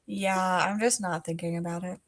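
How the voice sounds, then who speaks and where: A woman's voice: on the low side, fairly even intonation, normal speed. A young woman guest on a book livestream, laid-back, giving short replies and laughing often. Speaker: co-host guest. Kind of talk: casual livestream chat.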